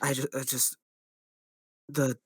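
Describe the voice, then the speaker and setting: Male player, halting, sighing delivery, dry mic. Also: medium pitch, little pitch movement, breathy edge, dry recording. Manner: halting, sighing, many restarts. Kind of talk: casual tabletop role-play.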